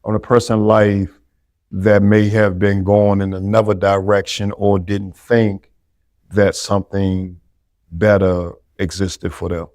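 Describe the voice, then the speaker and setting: Deep-voiced earnest man, dry close sound. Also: level tone, slow, a little mellow, no room sound. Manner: earnest, encouraging, direct. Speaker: podcast guest. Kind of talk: earnest interview answers.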